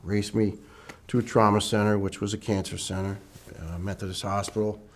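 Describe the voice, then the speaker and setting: Middle-aged man, slightly low voice, candid testimony, halting restarts, conversational. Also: little pitch movement. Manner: candid storytelling with repeated words and restarts, acting out what others said. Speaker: first responder recounting illness. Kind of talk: personal testimony interview.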